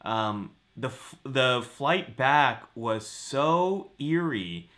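A man's voice: medium pitch, expressive, very slow, a bit bright. A man co-hosting a casual video chat as a psychologist, talking conversationally with lots of fillers. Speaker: psychologist co-host.

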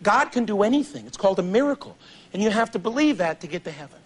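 A man's voice: high voice, very animated, fast talker. A man voicing a patient Sunday school teacher. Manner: patient, explaining.

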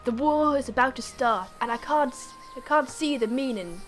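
A woman's voice: high voice, moderate pace, faint music behind, natural voice. A woman voicing an old, mysterious man who challenges a child to a board game, solemn and riddling.

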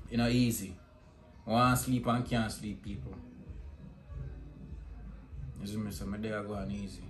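Chatty Jamaican man in an echoey room. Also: medium pitch. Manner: chatty, keeps asking "you see me?". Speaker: family vlogger. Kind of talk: casual vlog chat. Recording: echoey room with music behind.

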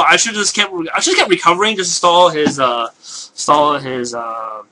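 Hoarse bright-voiced man rambling. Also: fairly high pitch, fairly even intonation, moderate pace, a little hiss or hum. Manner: rambling and hesitant, many fillers and restarts. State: hoarse, losing his voice, clearing his throat. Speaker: video game commentator. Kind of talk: casual live game commentary.

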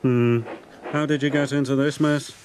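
A man doing a booming, thoughtful crane engine. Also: steady tone, moderate pace, darkish tone, a little hiss or hum, close to an everyday voice. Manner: booming, musing "hmm" delivery.

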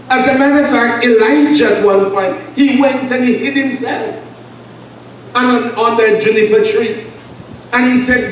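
An Antiguan man preaching with a fairly high voice and emphatic, drawn-out delivery. He sounds set back from the mic in a very echoey church, with faint room noise behind him. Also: recorded from a distance. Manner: emphatic preaching with call-and-response and long pauses. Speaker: pastor. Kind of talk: sermon. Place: church sanctuary.

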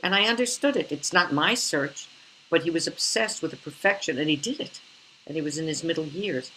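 An older woman, an actress, telling stories in an animated, theatrical way over a video call. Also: sits low, brisk, a little hiss or hum, poor audio. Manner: theatrical, expressive, slips into character voices. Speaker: actress guest. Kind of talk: animated interview storytelling.

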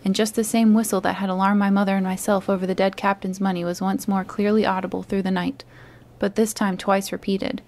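A woman reading a classic adventure story aloud in a calm, soothing narration. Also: medium pitch, fairly quick. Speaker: storybook reader.

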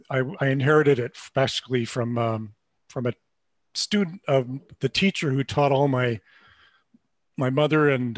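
A man in casual chat on a video call, telling a story with many pauses and ums. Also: medium pitch, no room sound. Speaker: musician guest.

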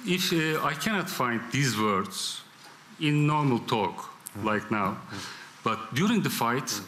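A man with a Turkish accent, a film director answering at a press conference in halting English, full of fillers and laughing often. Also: medium pitch, lively intonation, a bit bright, a little hiss or hum.

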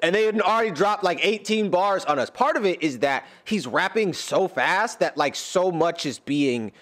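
A man, a rapper, giving an excitable reaction commentary, often repeating and restarting words. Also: high-pitched, moderate pace.

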